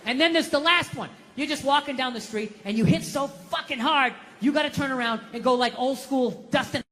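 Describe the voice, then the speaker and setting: Boston-accented male stand-up, profane ranter, bright edge, live-mic feel. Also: a little fast, in a large hall. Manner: ranting, profane, swings from low mutter to high outburst. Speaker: stand-up comedian. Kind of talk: stand-up comedy rant. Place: live venue with audience laughter.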